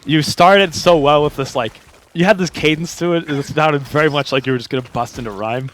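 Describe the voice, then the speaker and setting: A man's voice: on the high side, brisk, fairly bright tone. A young man giving analytical esports color commentary, explaining mechanics and teasing his co-caster. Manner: chatty, explains mechanics, teasing, laughs often.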